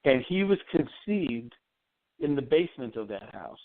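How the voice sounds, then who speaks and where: A man's voice: mid-range voice, very animated, normal speed, creaky. A man, a psychic medium guest, telling a long rambling story in a radio interview, full of ums and restarts. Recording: tinny phone line.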